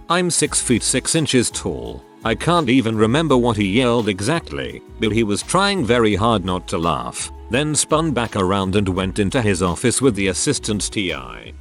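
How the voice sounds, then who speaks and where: A man reading short stories aloud in a steady, even narration. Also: on the low side. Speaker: story narrator.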